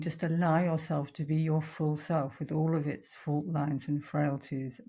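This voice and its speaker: A woman hosting a podcast, speaking in a reflective, measured way. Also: sits low, vocal fry, mellow, breathy edge. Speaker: podcast host, therapist.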